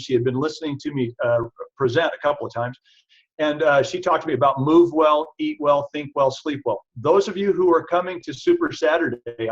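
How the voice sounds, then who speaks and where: A man with a husky, slightly breathy voice talks to a live audience in a chatty, self-deprecating way, pitched a little high for a man. The sound is dull and lo-fi. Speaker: chiropractor presenting products. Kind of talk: casual product talk to an audience. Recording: dull lo-fi recording.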